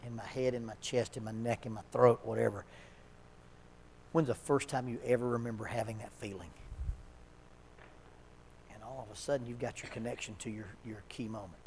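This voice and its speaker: A man leading an addiction seminar at a church, talking in a relaxed, conversational way, telling stories and chuckling often. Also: mid-range voice, brisk, pauses often, slight background noise. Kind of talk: casual seminar talk.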